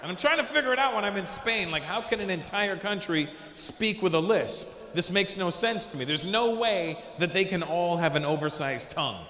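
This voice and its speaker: A man doing a stand-up comedy set, telling stories in a lively way and switching into quick voices for the people in them. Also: sits high, roomy sound, in a large hall. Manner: animated storytelling with quick voice switches. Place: large comedy venue.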